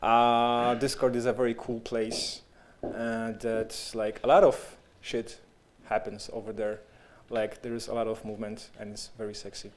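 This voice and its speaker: A man's voice: medium pitch, level tone, measured pace, hardly any pauses, a little hiss or hum. A man with a Polish accent chatting casually and jokingly on a live stream, tripping over and repeating words now and then. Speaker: game developer streamer. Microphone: handheld microphone.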